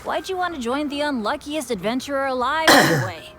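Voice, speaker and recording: A woman plays a bright-voiced teenage boy adventurer in a video game, eager and forever joking about his own bad luck. His voice sits highish and swoops all over as he talks. Loud game music plays under him. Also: very animated, brisk. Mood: self-deprecating. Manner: eager, self-deprecating, bouncy. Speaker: game character.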